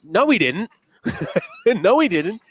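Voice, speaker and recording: A man's voice: high voice, sing-song, slow, fairly bright tone, slightly rough. A man co-hosting a wrestling podcast, ranting in a heated and profane way. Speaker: podcast co-host. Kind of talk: casual wrestling chat.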